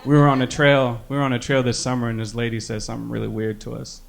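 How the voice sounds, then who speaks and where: Performing stand-up for a club audience, this young man from the American Midwest keeps his self-deprecating material loose and peppered with "you know." He talks fast in a creaky, mid-range voice with a completely flat delivery.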